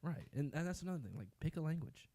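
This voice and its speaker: Animated young man mock-ranting on air. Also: a little high, fast. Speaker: radio show co-host. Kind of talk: casual radio banter.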